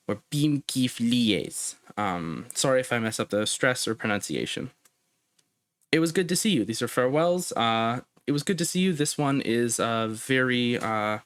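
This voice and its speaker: A man's voice: medium pitch, a bit bright, smooth, no room sound. Man stumbling through a casual lesson. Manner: halting, with many ums and uhs; slows down to spell out phrases. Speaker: language teacher. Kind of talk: casual recorded language lesson.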